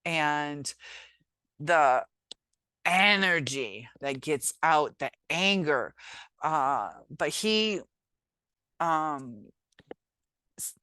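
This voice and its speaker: A woman's voice: sits low, expressive, extremely slow, long pauses, sharp tone, no room sound. A woman, a teacher, giving casual, earnest encouragement in a motivational vlog. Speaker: teacher and healing vlogger.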